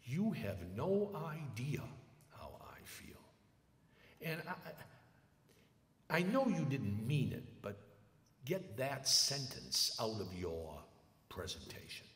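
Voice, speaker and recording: A man's voice: mid-range voice, sing-song, a bit bright. A man doing a heartbroken old father. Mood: grieving. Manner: halting, earnest pleading. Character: heartbroken elderly father, gentle, grieving. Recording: echoey lecture hall with long reverb.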